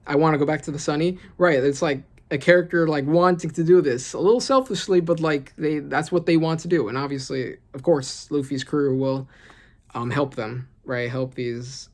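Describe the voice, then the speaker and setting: Excited comic reaction host reading panels out loud, keeps going "right?", mid-pitched voice. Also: normal speed. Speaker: manga reaction channel host. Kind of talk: casual reaction commentary.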